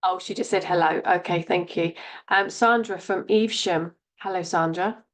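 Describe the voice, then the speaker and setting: A woman hosting a live psychic stream, chatting warmly and greeting viewers by name, often calling them "my lovely". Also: on the low side, normal speed. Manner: warm, chatty, reads out viewer names with endearments. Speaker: psychic show host.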